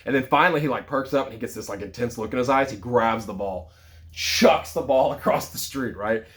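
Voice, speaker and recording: Man, thirties, mid-pitched, casual storyteller, lively and conversational. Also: brisk. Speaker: sales leader.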